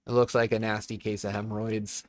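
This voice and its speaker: Gaming on a livestream from home, the young man talks through a desk microphone to his chat and his cat, swearing constantly in a blunt, wandering way while he builds. His fairly low voice comes out brisk and flat.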